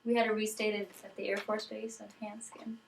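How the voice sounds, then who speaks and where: A woman's voice: medium pitch, flat delivery, brisk, vocal fry, slight background noise. Chatty woman on a distant camcorder. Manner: chatty, finishes her partner's sentences. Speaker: traveler recounting a trip. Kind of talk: casual home-video chat. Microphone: camcorder mic. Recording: roomy home camcorder audio from a distance.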